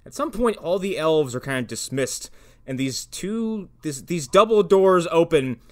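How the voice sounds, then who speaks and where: A man's voice: a little high, unhurried. Sarcastic man roasting a movie. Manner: profane, sarcastic, deadpan jokes. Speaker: podcast co-host. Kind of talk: casual movie-riffing chat.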